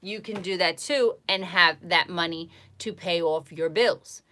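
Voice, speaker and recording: A woman's voice: on the low side, a little slow, bright, forceful tone. A woman talking casually on a live stream, giving blunt, emphatic advice and repeating herself for emphasis. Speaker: psychic livestreamer.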